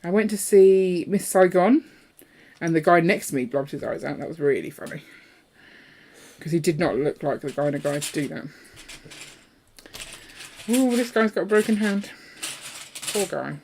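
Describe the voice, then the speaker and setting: A chatty, playful woman with a slightly lower voice, talking casually through a hands-on building session. She rambles cheerfully and hosts a live stream. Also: expressive, moderate pace, long pauses, darkish tone, a little hiss or hum. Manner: chatty and playful, breaks into song. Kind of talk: casual chat while building.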